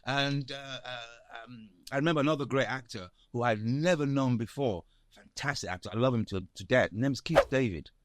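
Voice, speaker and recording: A man, an actor from Nigeria, talking in a relaxed interview and telling animated anecdotes full of fillers and restarts. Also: medium pitch, brisk, no room sound, clean studio sound. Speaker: actor, guest. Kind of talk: casual interview chat.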